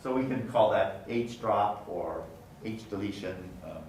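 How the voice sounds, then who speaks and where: A man's voice: fairly low pitch, a little mellow, recorded from a distance. Man lecturing in a roomy classroom. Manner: explanatory, repeats example words slowly. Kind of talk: university lecture. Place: lecture room. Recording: roomy sound from off the mic, faint noise.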